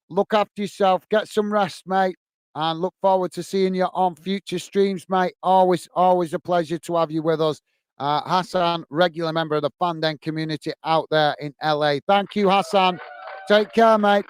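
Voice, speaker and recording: A man hosts a casual football live stream and reads out viewer messages one by one. His voice sits fairly high and comes through smooth and close on a dry mic. He thanks everyone warmly and calls each viewer "mate". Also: dry recording. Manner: friendly, repeats thanks and "mate" often. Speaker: football fan channel host reading live chat.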